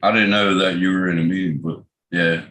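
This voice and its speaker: An Australian man chatting and swearing in animated casual banter with friends. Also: low-pitched, brisk, slight background noise. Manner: animated, swears when defending himself. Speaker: stream participant.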